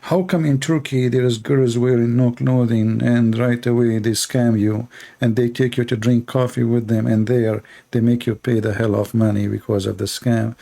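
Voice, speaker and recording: A man's voice: medium pitch, level tone, normal speed, gravelly, warm tone. Sarcastic rambling male vlog host. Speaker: channel host. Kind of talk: mocking commentary vlog.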